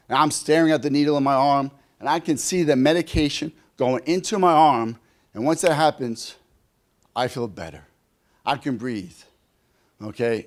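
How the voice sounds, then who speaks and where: A middle-aged man speaks from a conference stage, telling a personal story with plenty of life. His voice sits mid-range, and he keeps turning to the audience with quick questions. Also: mid-range voice. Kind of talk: motivational talk. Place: conference hall.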